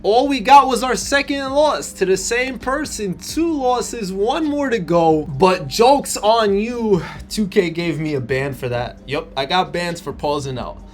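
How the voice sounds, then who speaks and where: A young man commentating over his own basketball video game footage, talking straight to his viewers and venting his frustration in casual slang. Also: a little high. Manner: frustrated, animated, talks to viewers as "bro" and "man". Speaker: gaming YouTuber. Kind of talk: gameplay commentary.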